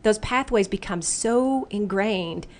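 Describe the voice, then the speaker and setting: A middle-aged woman speaks at a natural mid pitch in a relaxed interview. She explains with lively energy and now and then slips into playful quoted voices. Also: slow pace. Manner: animated, acts out the brain's inner voice in playful quotes. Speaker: guest speaker who runs retreats and workshops. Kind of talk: casual explanatory interview talk.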